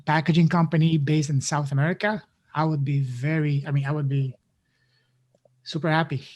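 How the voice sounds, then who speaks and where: A man co-hosting a casual podcast chat, a little higher-pitched than most men. He heaps on praise in an excited, halting way, restarting his sentences as he goes. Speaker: podcast co-host.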